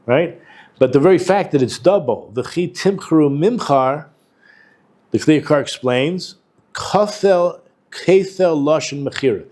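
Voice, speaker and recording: Pitched on the high side with a darkish tone, this man is a rabbi and educator teaching Torah in a conversational way. He works through texts using Hebrew terms and quotations, speaking informally with restarts and side remarks to his students.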